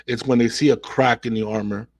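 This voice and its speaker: Husky guy ranting on his podcast, animated, dry close sound. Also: mid-range voice, brisk, no room sound. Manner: animated, mimics women in quoted asides. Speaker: podcast host. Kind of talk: solo podcast monologue.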